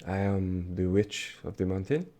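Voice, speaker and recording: An aloof, mysterious elven witch of the mountain, voiced by a man running the game. She answers in a low, cool and evasive way, giving little away. The voice stays close to his own deep tone. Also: unhurried, dark tone.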